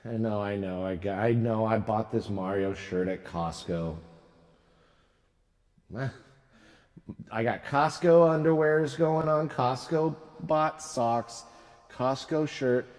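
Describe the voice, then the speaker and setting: A streamer making music at home speaks slowly in a medium-pitched, slightly mellow voice, pausing often. His casual livestream chat wanders, leans on self-mockery, and includes repeated tongue twisters.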